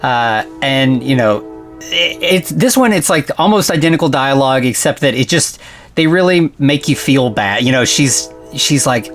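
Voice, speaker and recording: A man hosting a podcast who recaps a film in casual, rambling chat, full of "like" and "you know" and quick laughs. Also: medium pitch, a bit bright, soft background music. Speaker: podcast host.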